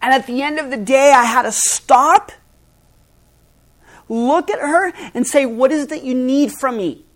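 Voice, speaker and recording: The speaker is a middle-aged pastor whose sermon is emphatic and animated, with his volume shifting from loud to quiet. His voice is very high, and his delivery is a little slow.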